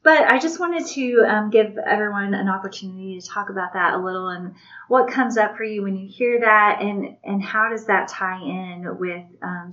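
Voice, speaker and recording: A woman hosting a casual faith discussion, encouraging and inviting others to share. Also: medium pitch. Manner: warm, encouraging, brief responses. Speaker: podcast host. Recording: muffled lo-fi audio.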